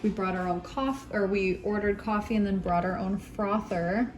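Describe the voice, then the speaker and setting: A woman's voice: mid-range voice, normal speed, darkish tone. A woman in her thirties, a mother vlogging from a vacation rental kitchen, talking casually and rambling a bit with fillers as she shows her groceries. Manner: chatty, loose and rambling with fillers. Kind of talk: casual chat, showing groceries. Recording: echoey kitchen with background noise.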